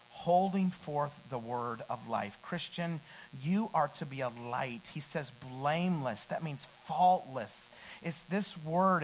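A middle-aged man preaching a sermon. He climbs to loud, emphatic peaks and then drops back to a quiet storytelling tone. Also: fairly high pitch, a little hiss or hum, low-quality recording.

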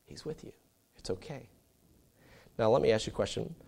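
A man's voice: medium pitch, a little fast, creaky, darkish tone, husky. Chatty storytelling male preacher. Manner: conversational, storytelling, many fillers and restarts. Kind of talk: sermon.

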